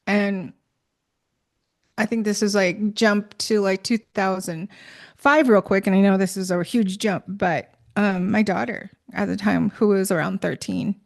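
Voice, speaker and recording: A woman's voice: mid-range voice, fairly even intonation, measured pace, creaky. A middle-aged woman telling a personal story in a casual, rambling way, with many fillers and restarts. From Minnesota.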